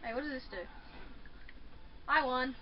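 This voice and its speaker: A woman giving excitable let's play commentary while playing a fighting game, chattering, yelping and taunting. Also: high-pitched, measured pace. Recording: muffled lo-fi with faint hiss.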